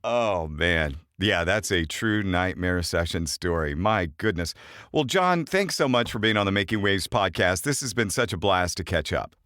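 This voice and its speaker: Lively, expressive male podcast host. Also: low voice, moderate pace, no echo, studio quality. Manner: lively, exclamatory reactions. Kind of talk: podcast interview hosting.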